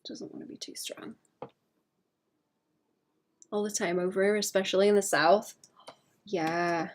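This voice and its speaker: A woman streaming as she draws, chatting to her viewers in a soft, rambling way with frequent fillers and light laughs. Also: medium pitch, steady tone, unhurried, a little hiss or hum. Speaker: art streamer. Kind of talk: casual chat while drawing.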